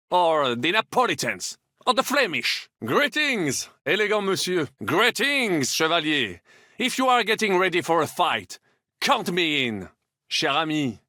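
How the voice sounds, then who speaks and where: An actor playing a flamboyant, optimistic French knight in a video game, with a French accent and a theatrical, boastful way of talking. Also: male voice, sits high, sharp tone, dry recording, studio quality, heavily acted.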